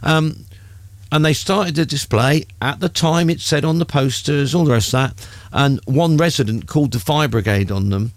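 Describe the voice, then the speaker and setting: A man's voice: fairly high pitch, normal speed, no room sound. A middle-aged man presenting local radio, chatting with dry humour and reading out event listings. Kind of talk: casual radio chat with local announcements.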